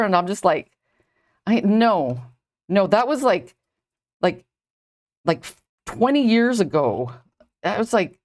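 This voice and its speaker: A woman's voice: medium pitch, lively intonation, measured pace. A middle-aged woman, a jewelry designer, rambling in casual chat with viewers on a live stream while she knots a bracelet, saying "like" constantly. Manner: rambling, heavy use of "like".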